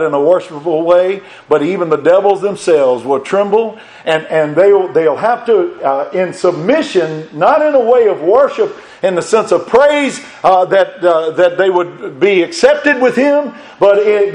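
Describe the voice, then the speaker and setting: A man with a notably high speaking voice preaches a sermon. He quotes scripture in old-fashioned biblical wording and builds fervent emphasis on repeated refrains. His delivery is full of restarts and repeated words. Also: darkish tone, low-quality recording.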